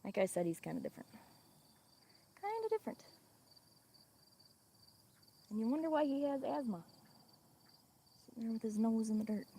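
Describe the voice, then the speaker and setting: A chatty woman with a Midwestern accent hosts a casual livestream while walking her farm, laughing easily and talking to her animals. Her voice has a gravelly, fry-laced edge. Insects and crickets chirp outside around her. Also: fairly high pitch, expressive, fast, warm tone. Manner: chatty, laughs often, talks to chat and animals. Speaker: livestream host. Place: outdoors on a farm.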